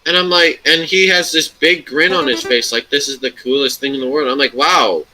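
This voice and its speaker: A man's voice: on the high side, normal speed, bright, forceful tone, rough recording. A young man telling a rambling, profane story as a guest in a casual podcast chat.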